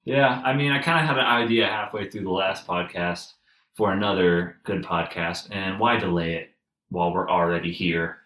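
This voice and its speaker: A man's voice: deep voice, moderate pace, fairly bright tone, far from the mic. Hyped young man co-hosting a podcast. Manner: hyped, joking, laughs often. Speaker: podcast co-host. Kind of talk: casual podcast chat. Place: room shared with two others. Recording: echoey room.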